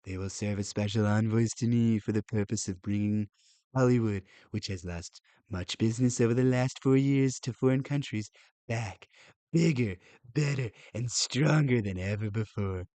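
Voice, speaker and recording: A man putting on an impression of a blustering older male politician, with halting, repetitive phrasing. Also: lowish voice, warm tone, dry recording, lightly acted. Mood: mock-pompous.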